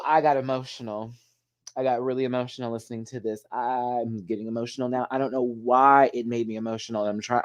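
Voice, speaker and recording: A man hosting a casual solo review, animated and emotional, swearing freely and using drag slang, rambling with restarts and asides to his viewers. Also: mid-range voice. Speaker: TV show reviewer.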